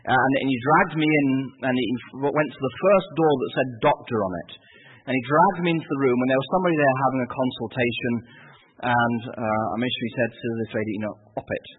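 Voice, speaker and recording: An Englishman telling a personal story in a halting, vivid way, with many fillers and restarts. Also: mid-range voice, a little hiss or hum. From England. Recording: tinny phone-like radio sound.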